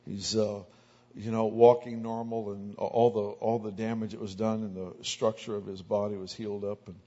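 A man preaching as a pastor, telling anecdotal stories in a sermon and growing louder and more excited as they build. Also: lowish voice, moderate pace. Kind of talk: sermon storytelling. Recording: dull lo-fi recording.

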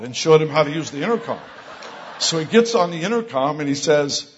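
A man preaching a sermon, telling stories with an animated delivery that gets loud for the lines he quotes. His voice is husky, and the recording is dull and lo-fi. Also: a little high, brisk. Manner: animated storyteller, rising loud for quoted exclamations. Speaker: pastor. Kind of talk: sermon storytelling. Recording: dull lo-fi sound.

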